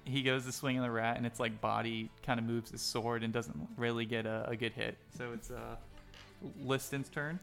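A man's voice: mid-range voice, flat delivery, moderate pace, gravelly, a bit bright. A man narrating a tabletop game as game master, in a casual, crude, rambling way. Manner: casual, crude, filler-heavy. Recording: faint music behind.

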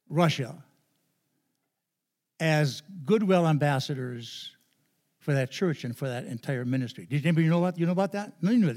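An older man stands before a church congregation as a guest preacher, his voice sitting a little on the high side. He talks in a chatty, good-humored way, telling stories and joking with the people in the pews before he moves into his sermon. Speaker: guest pastor. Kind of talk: sermon with storytelling. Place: church sanctuary.

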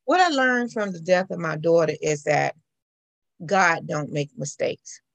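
A middle-aged woman, telling her personal story as an interview guest in an animated way. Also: lowish voice, measured pace, creaky, no room sound. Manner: animated storyteller, acts out quoted voices. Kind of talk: personal account in conversation.

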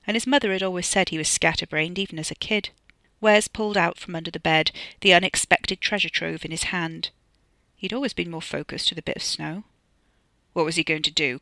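A woman narrating her own serial fiction with expressive storytelling. Her voice sits on the low side and has a bright, forceful tone. The sound is close and dry. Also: vocal fry, dry recording.

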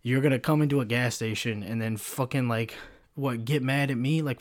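A man's voice: medium pitch, normal speed. Young man, solo podcast host, foul-mouthed rambling rant, close mic. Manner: profane, rambling storytelling with many fillers. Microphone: pop filter mic.

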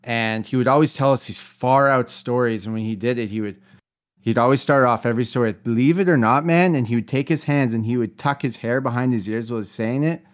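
Man, co-host, casual chat, relaxed, mid pitch. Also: fairly quick. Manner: relaxed, anecdotal.

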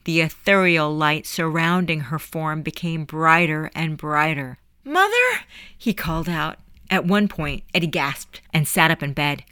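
A woman narrating a dark audiobook chapter dramatically and expressively. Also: deep voice, dry recording. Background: faint background music.

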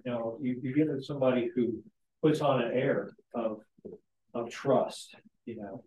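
A man teaching a Sunday school class in a conversational way, often checking in with the group with tag questions and lively asides. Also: mid-range voice, normal speed. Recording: echoey room, mic at a distance.

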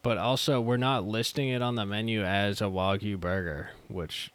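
A young man in casual conversation, relaxed and laid-back, often pausing on fillers as he talks. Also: on the low side. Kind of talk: casual chat.

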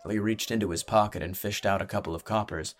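A man reading a fantasy audiobook as narrator, with measured, dramatic storytelling. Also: lowish voice, steady tone.

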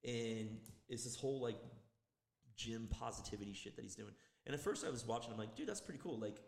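Fast, blunt man in an echoey room. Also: on the low side, creaky, a little hiss or hum. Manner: blunt, swears constantly, animated storytelling. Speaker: podcast co-host. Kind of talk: casual profane chat. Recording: echoey room with long reverb.

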